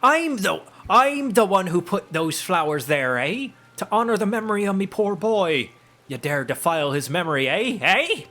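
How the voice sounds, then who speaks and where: A man voicing an old peasant woman who grieves for her son, shrill and scolding, barking "eh?" at the end of lines while reading game dialogue aloud. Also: very animated, moderate pace, pushed and bright, exaggerated voice. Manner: shrill, scolding, ends lines with a barked 'eh?'.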